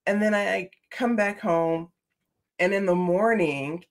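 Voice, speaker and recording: A woman guest telling a personal story in an earnest, expressive, conversational way. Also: mid-range voice, unhurried. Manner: expressive, earnest, talks through her feelings openly. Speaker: podcast guest.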